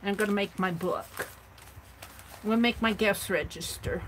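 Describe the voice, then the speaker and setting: A woman's voice: mid-range voice, moderate pace, fairly bright tone, slight background noise, poor audio. Woman chatting through a craft project. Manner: chatty, thinking aloud while working. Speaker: craft livestream host. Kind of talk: casual craft demonstration.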